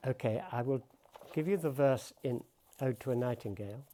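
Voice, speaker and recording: A man giving a talk at the piano about poetry and music, explaining with thoughtful pauses. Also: mid-range voice, warm tone, a little hiss or hum. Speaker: pianist and lecturer.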